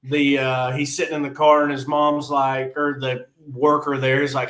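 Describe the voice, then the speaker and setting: A man's voice: medium pitch, little pitch movement, unhurried, fairly bright tone, echoey room. A man co-hosting a podcast in casual sports chat, blunt and frustrated, laughing often. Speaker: podcast co-host.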